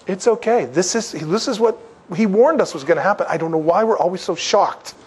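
A male pastor preaching a sermon in a conversational style, acting out the voices of the people he quotes. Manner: conversational preaching, acts out quoted voices, wide swings in pitch and loudness.

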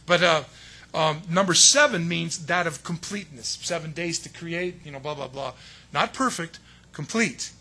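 A middle-aged man from San Diego preaching a relaxed, joking sermon. His voice sits high and bright with a husky edge, and he acts out the people in his stories. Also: moderate pace. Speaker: pastor.

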